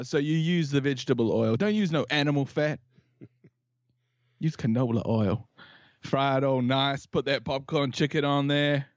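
A man's voice: medium pitch, no room sound, dull audio. A man from New Zealand with a New Zealand accent, a podcast guest chatting playfully and riffing on jokes. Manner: playful, jokey, riffs and repeats himself. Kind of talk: casual podcast chat.

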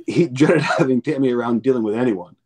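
A man's voice: mid-range voice, fairly quick, darkish tone. A man, a podcast guest, telling stories in a rambling, profane way and repeating words as he acts out each scene. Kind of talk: casual storytelling chat.

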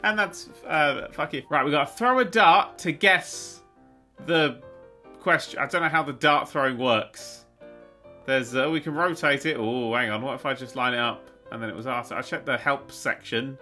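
A man's voice: medium pitch, normal speed, pushed and bright, faint music behind. A man playing a video game, sarcastic and sweary, mocking the game and humming its tunes. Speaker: gaming YouTuber. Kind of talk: swearing, sarcastic let's play commentary.

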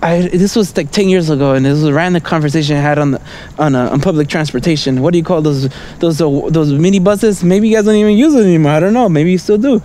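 A man with a high but mellow voice rambles through a casual monologue while walking outdoors at night. He keeps checking in with "right?" and "you know?" and chuckles between thoughts. Faint traffic hums behind him. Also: fast talker. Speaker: vlogger. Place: outdoors on a city street at night.

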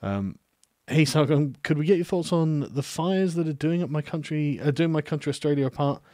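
A man hosting a casual live stream, reading out viewer messages and answering them in a relaxed, hesitant way with frequent ums and easy laughs. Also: a little high, brisk, dry recording, clean studio sound.

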